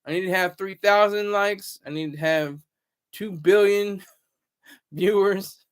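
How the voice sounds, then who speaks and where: A man's voice: high-pitched, slow, clean tone. A man in his thirties hosting a casual livestream, rambling loosely and reading viewer comments aloud. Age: 30s. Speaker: livestream host.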